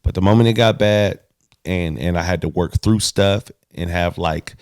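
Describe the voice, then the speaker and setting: Deep gravelly laid-back man. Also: darkish tone, dry recording, studio quality. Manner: laid-back, reflective, quick to joke. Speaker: podcast co-host. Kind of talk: casual chat.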